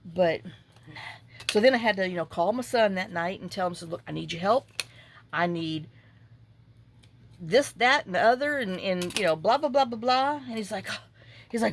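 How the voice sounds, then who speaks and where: A woman's voice: mid-range voice, expressive, moderate pace, pauses often, slight background noise. A middle-aged woman, chatting casually while she crafts and retelling conversations at length. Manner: rambling storytelling, reenacting conversations. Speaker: junk journal crafter.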